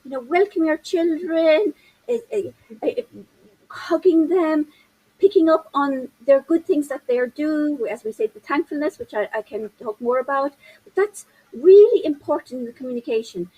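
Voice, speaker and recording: A woman's voice: sits high, lively intonation, normal speed, dark tone, poor audio. A woman in her fifties, a parenting coach, talking animatedly and gesturing with her hands as she explains in an interview. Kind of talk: interview conversation.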